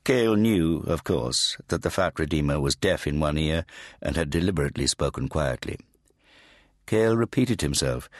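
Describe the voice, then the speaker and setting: A man narrating an audiobook in a measured, grave storytelling manner, on a close studio mic. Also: a bass voice, lively intonation, no room sound. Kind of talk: scripted narration.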